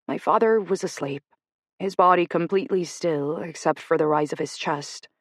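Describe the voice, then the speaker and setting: A woman narrating a dark romance audiobook in the first person, measured and steady. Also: sits low, dry recording, clean studio sound. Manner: measured storytelling.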